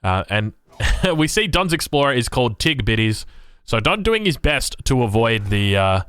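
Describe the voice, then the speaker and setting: A man's voice: medium pitch, very animated, moderate pace, a bit bright, clean tone, no echo. A man casting a strategy game match play by play, upbeat and joking, often asking his co-caster questions. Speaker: esports caster.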